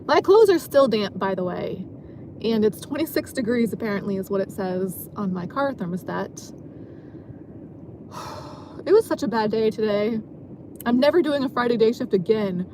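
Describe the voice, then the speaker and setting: A woman with a slightly high voice talks from her car in a loose, rambling vlog monologue. She is self-mocking and breaks into laughter often. A faint hum of noise sits behind her. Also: animated, normal speed, darkish tone. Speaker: vlogger and dancer. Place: parked car.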